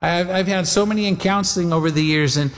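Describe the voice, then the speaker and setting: Rich: A man preaches with a notably high voice, leaning into plain conversational talk, repeating himself and addressing the congregation directly. His words ring out with a long reverb tail, as in a large hall. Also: fast, fairly bright tone. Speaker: pastor. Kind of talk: sermon.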